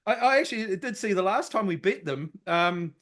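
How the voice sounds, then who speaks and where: Excitable high-voiced New bloke. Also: male voice, moderate pace. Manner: excitable, loud, swears freely, mimics people. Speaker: podcast co-host. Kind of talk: casual sports chat.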